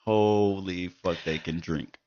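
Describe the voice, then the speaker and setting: A man's voice: sits low, fairly even intonation, takes it slowly, darkish tone, lo-fi sound. A man hosting a podcast in a studio, chatting casually and telling stories in a loose, profane way. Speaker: podcast host. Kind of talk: casual chat.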